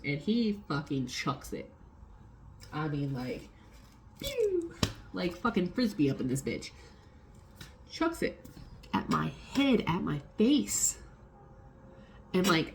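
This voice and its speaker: A woman's voice: sits low, slight background noise. A young adult woman vlogging a casual storytime, swearing freely and acting out what others said. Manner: swearing, animated retelling with quoted voices.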